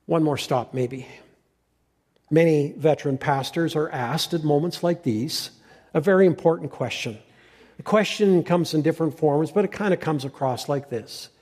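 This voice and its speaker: An older man preaching a farewell sermon as the pastor, earnest and halting, with frequent restarts. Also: fairly high pitch, darkish tone, breathy edge, long reverb tail.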